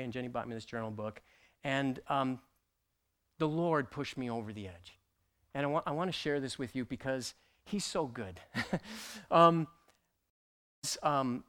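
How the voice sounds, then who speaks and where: Halting middle-aged man giving testimony. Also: medium pitch, a bit bright. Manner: conversational, halting, with fillers and tag questions. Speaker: pastor. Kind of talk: testimony sermon.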